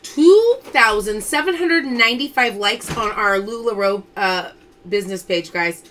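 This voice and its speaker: A woman's voice: mid-range voice, expressive, a little slow, fairly bright tone, slight background noise. A woman hosting a casual live-stream pearl sale from home, chatting and reading out viewer names as she calls results.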